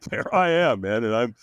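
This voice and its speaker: A man telling stories as a guest on a podcast, animated and quick to laugh, often acting out what others said. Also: medium pitch, clear, resonant tone, no room sound. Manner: animated, acts out quoted voices, laughs often. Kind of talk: casual interview storytelling.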